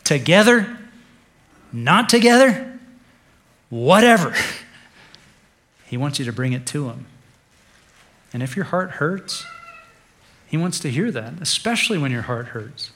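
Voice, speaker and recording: A male pastor preaching an Easter sermon in a conversational way, dropping to a hush and then rising to stress a point. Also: mid-range voice, expressive, normal speed, pauses often. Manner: conversational preaching, swings from hushed to emphatic.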